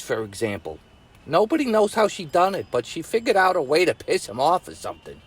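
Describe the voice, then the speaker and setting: Man, Brooklyn accent, folksy storyteller, lively swooping voice, slightly high. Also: fairly quick. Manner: folksy, rough grammar, chuckling asides. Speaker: storyteller uncle. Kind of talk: bedtime-style storytelling.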